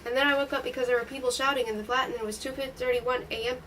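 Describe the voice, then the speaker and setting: A woman's voice: sits high, fairly even intonation, fast, fairly bright tone. A woman reading a novel aloud in plain first-person narration, recorded from a distance with faint background noise. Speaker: reader.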